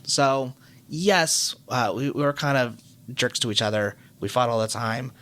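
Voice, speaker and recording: A man co-hosting a podcast, chatting casually and telling animated, joking stories. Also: mid-range voice, measured pace. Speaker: podcast co-host. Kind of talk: casual chat.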